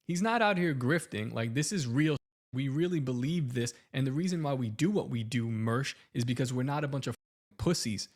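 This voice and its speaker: A man co-hosting a podcast, talking casually in a mid-range voice. His points build into a loud, heated rant with plenty of repeats and restarts. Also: medium pitch, lively intonation, normal speed. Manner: heated, rising into loud ranting. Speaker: podcast co-host.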